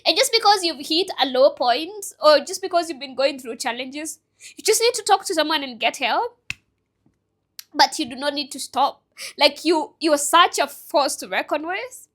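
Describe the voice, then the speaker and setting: A woman voicing her supportive male therapist in her own bright, high voice. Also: expressive, moderate pace. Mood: encouraging.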